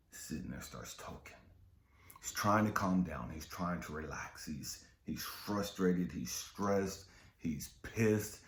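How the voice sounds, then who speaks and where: A man with a very low voice tells a motivational story, casual and profane, often asking his listeners if they follow. His voice bounces around a roomy space. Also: a little hiss or hum. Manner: street-casual, profane, keeps asking "you know what I mean". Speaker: spiritual coach and speaker. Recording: roomy echo.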